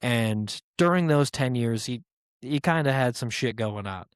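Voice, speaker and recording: A man's voice: mid-range voice, expressive, a little slow, clear, resonant tone, dry recording. Brief: male podcast host, irreverent and rambling, swears a lot, mid-range voice, dry close sound. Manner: rambling and profane, with filler words; irreverent and joking. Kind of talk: casual podcast monologue.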